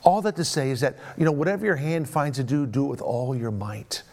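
A man's voice: medium pitch, fairly quick, darkish tone. A middle-aged man preaching a sermon as a pastor, repeating phrases for emphasis and often asking the congregation "right?".

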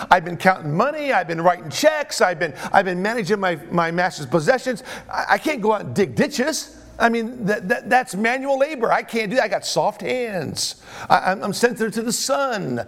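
A man's voice: high voice, sing-song, moderate pace, a bit bright, pitched above the performer's own voice, full character voice. A man voicing a panicky male steward who stammers and pleads about losing his job, told within a sermon. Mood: panicky whining. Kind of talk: sermon storytelling.

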